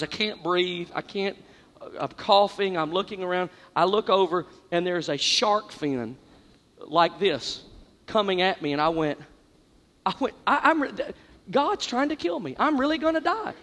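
On stage in a large hall, where a long reverb trails his words, a very high-voiced comedian tells a story. His stand-up delivery is exaggerated and animated, jumping from loud outbursts to hushed asides.

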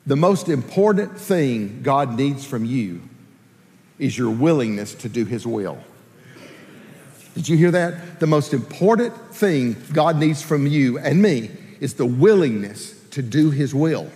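A man preaching a sermon as pastor, lively and animated, acting out prayers in playful character voices. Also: mid-range voice, a little slow, big-room sound.

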